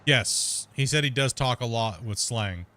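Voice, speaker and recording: Fast-talking streamer guy, chatty and rambling while he plays, mid-pitched voice. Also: animated, bright, forceful tone. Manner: talks extremely fast, rambling with many restarts. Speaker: streamer host. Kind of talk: casual gaming chat.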